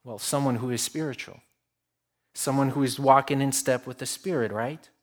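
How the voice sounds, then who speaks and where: A man preaching a sermon to his congregation, earnest and warm in delivery, swinging between emphatic rises and soft, drawn-out lines. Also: mid-range voice. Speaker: pastor.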